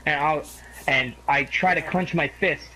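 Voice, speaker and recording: A young man casually telling a long story to a friend in a rambling, profane, animated way. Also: on the high side, measured pace, slight background noise, rough recording.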